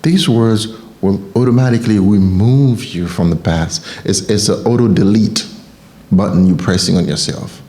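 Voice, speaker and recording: A man's voice: fairly low pitch, moderate pace, dark tone. A man from Haiti with a Haitian accent, giving an emphatic motivational sermon and repeating key phrases for effect. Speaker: motivational speaker.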